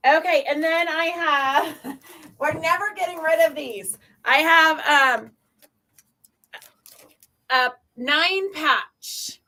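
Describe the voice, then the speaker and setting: A woman's voice: high-pitched, slow pace, pauses often, bright, forceful tone. A woman hosting a live sewing stream, chatting casually and rambling with lots of ums as she shows fabric. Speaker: host of a live sewing show.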